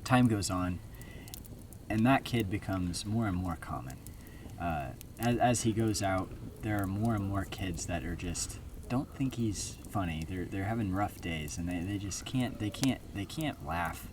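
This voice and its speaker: A man's voice: low-pitched, unhurried, recorded from a distance. A man telling an improvised story outdoors at a campfire, rambling with many fillers and restarts. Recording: outdoor campground noise.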